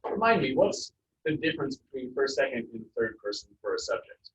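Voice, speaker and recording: A man teaching a Spanish class, relaxed and jokey, with many fillers. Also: medium pitch, a little fast. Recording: roomy, distant, muffled classroom sound.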